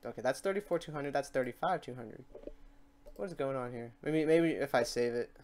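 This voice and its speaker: A man's voice: medium pitch, a little fast, a little mellow. Muttering man thinking aloud. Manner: thinks aloud, muttering to himself while fixing mistakes. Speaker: tutorial host. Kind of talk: casual screen-recorded tutorial.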